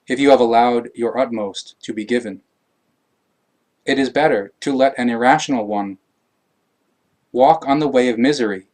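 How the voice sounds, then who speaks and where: Man slowly reading scripture aloud. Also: mid-range voice, darkish tone. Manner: slow, measured, solemn reading. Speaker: reader.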